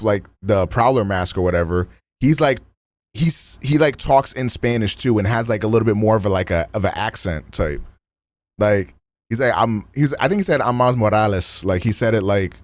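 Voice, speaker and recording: A man's voice: lowish voice, dry recording. A man streaming in a loose, slangy casual chat, full of restarts and fillers.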